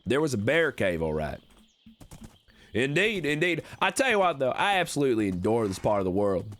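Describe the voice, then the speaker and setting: A man's voice: mid-range voice, sing-song, moderate pace, a bit bright. A man putting on a folksy Western conman drawl. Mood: scheming. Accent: put-on American Western drawl. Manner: folksy, wheedling salesman patter. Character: slick smooth-talking cowboy conman, adult male. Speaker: streamer in a roleplay series. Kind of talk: live-streamed game roleplay.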